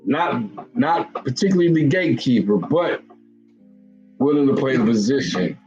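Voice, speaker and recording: A man's voice: mid-range voice, normal speed, dull audio, music in the background. A man hosting a casual live boxing talk show, thinking aloud and often repeating himself.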